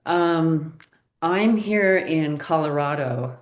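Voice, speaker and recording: A woman's voice: low-pitched, expressive, slow, reverberant. A woman in the audience politely asking a question at a talk's Q&A.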